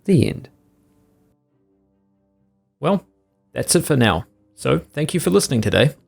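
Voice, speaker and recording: A man hosting a podcast, reading a bedtime story aloud in a lively, sing-song way. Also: a little high, unhurried, vocal fry, soft background music.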